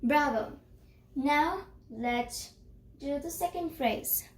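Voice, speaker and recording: A woman teaching a beginner French lesson, explaining slowly and repeating each phrase carefully. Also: high-pitched, a little hiss or hum, poor audio.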